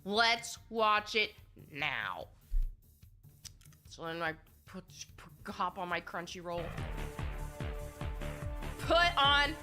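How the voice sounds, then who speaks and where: A woman gaming streamer with a cold, chatting casually in a rambling, candid way while she plays. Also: high-pitched. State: has a cold.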